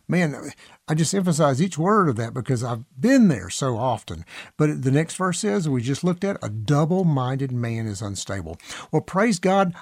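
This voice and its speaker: A man's voice: mid-range voice, darkish tone, no room sound, studio quality. A man preaching a podcast sermon in an earnest, emphatic way, often stopping to read scripture aloud.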